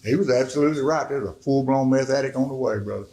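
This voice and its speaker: Guy from arkansas preaching his testimony, folksy storyteller, middle-aged, mid-pitched voice. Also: quick pace, mellow, rough recording. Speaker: guest speaker. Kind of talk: testimony sermon.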